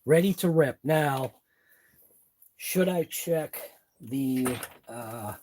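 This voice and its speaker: A man's voice: medium pitch, expressive, extremely slow, darkish tone. A man hosting a live RC car workshop stream, thinking aloud as he wrenches in his garage. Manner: muttering thoughts aloud as he works. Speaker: RC hobby channel host.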